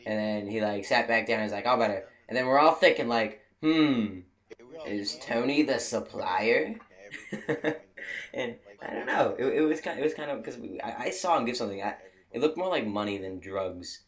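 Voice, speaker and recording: Full of fillers and false starts, a young man's travel story meanders casually as he chuckles at his own jokes. The video creator has a mid-range, fairly bright voice and talks fairly quickly.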